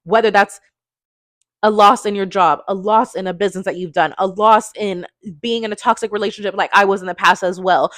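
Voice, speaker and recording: A woman in her twenties speaks straight into a phone with fervent, emphatic conviction. She keeps tagging her points with a quick checking question. The sound is dry and close, with her pitch sitting in an ordinary middle range. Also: fairly even intonation, a bit bright, dry recording. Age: 20s. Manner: emphatic and fervent, tags lines with "okay?". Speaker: motivational speaker. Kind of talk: motivational talk to camera.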